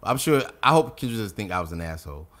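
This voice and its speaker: A middle-aged man from North Carolina, a guest rapper on a podcast, telling stories in a casual, profane and animated way and acting out quotes. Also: fairly low pitch, quick pace, slight background noise. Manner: animated, profane storyteller who acts out quotes.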